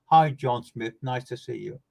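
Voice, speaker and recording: Brief: male medium, earnest and emphatic, mid-pitched voice, repeats phrases, loud bursts that drop to soft asides. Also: measured pace, low-quality recording. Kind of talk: live online mediumship reading addressing viewers by name.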